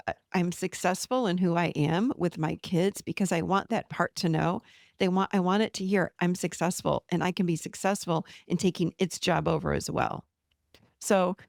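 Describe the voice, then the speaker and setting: A woman in her forties, a podcast host and therapist, giving a teaching self-help talk in a gently reassuring, animated coaching manner. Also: fairly low pitch, normal speed, creaky, dry recording, studio quality.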